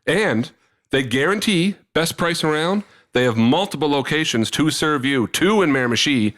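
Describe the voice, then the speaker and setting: Animated, laughing podcast co-host man. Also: on the high side, normal speed. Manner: animated, laughing often, acting out quoted voices. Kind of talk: casual chat, comic storytelling and live ad read.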